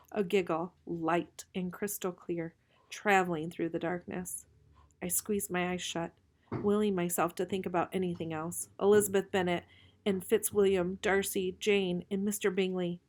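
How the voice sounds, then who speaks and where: Calm woman reading a novel aloud. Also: lowish voice. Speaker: reader.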